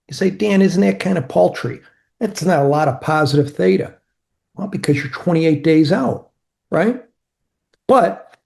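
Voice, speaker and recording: A man's voice: fairly high pitch, vocal fry, a little mellow. A man teaching options trading over a screen recording, talking casually and answering imagined viewer questions himself. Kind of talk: screen-share trading walkthrough.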